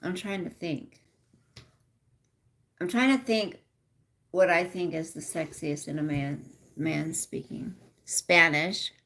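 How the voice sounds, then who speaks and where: A woman's voice: fairly low pitch, slow pace, long pauses, a bit bright. A middle-aged woman casually chatting with viewers on a livestream, reading out their comments. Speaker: livestream host. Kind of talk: casual live chat with viewers.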